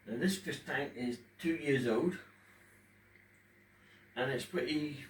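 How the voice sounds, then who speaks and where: A vlogger in his fifties speaks emotionally and unscripted to camera at home in front of a fish tank, pausing often as he talks about his own depression. His voice is medium-pitched, and the distant mic captures an echoey room with a faint background hum.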